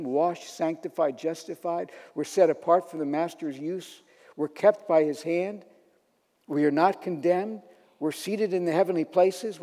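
Male pastor, sermon delivery, fairly high voice, rising to emphatic declarations, church hall echo. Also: mellow.

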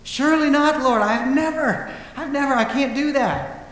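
Preacher doing a startled protesting Peter. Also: male voice, takes it slowly. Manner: protesting, higher and louder. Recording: echoey hall.

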